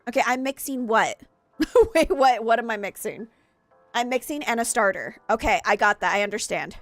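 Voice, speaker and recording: A young woman with a slightly high voice chats casually on a live stream, excitable and quick to giggle when she gets flustered. Her voice sits dry and close on the mic, with faint game music underneath. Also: dry recording. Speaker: streamer hosting a game party.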